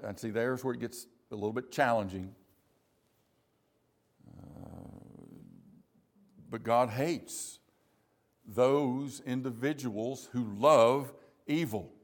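A man delivering a sermon in a church. He speaks in a measured, emphatic way and slows down hard on the words he wants to land. His voice sits at an ordinary male pitch. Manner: measured, emphatic preaching with slow stressed phrases. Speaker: preacher.

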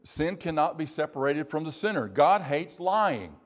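Man preaching a measured, emphatic sermon. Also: fairly high pitch, very animated. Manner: measured, emphatic preaching with slow stressed phrases. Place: church.

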